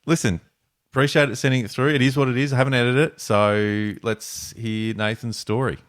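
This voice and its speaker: A man's voice: mid-range voice, steady tone, fairly quick. A man hosting a podcast, rambling and laughing in casual chat. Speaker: podcast host.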